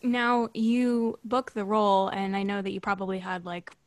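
A woman's voice: medium pitch, level tone, normal speed, no room sound. A woman hosting an interview, an actor herself, speaking in a reflective, encouraging way. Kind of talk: interview conversation.

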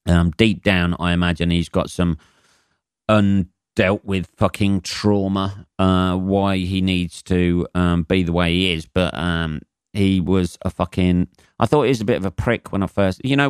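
A man's voice: low voice, fairly even intonation, measured pace, clean tone, no room sound, clean studio sound. A man in his forties from England hosting a solo comedy podcast, rambling and swearing, with lots of fillers and chuckles at his own jokes.

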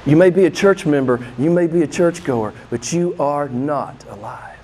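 A man preaching a sermon with fervor, repeating phrases for emphasis and swinging between loud bursts and quiet, drawn-out lines. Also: on the high side, slight background noise. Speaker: pastor.

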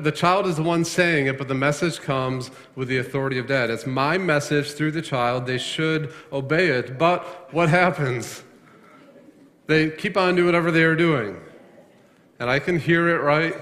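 A man's voice: medium pitch, fairly bright tone. Pastor guy preaching, keeps asking "right?", lots of restarts, big echoey church hall. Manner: emphatic preaching with rhetorical questions, many restarts. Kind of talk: sermon.

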